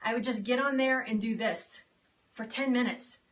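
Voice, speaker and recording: A woman's voice: on the high side, normal speed, a bit bright. A woman health coach chatting casually on a live stream, upbeat and talking straight to her viewers about getting started with exercise.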